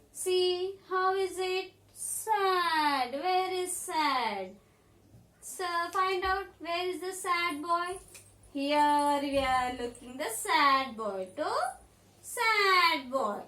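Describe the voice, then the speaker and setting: A woman with an Indian English accent teaches small children, stretching each word out very slowly. Her voice sits high and bright, and she keeps asking simple questions in a sing-song lilt. The sound bounces around an echoey room. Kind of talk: online lesson for young children.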